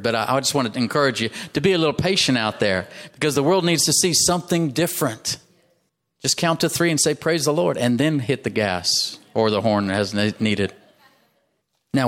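Emphatic man preaching a sermon. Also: mid-range voice. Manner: emphatic, call-and-response with congregation. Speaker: pastor.

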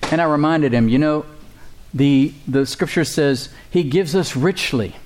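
A man's voice: fairly high pitch, measured pace, darkish tone. Man preaching with call-and-response. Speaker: pastor. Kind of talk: sermon.

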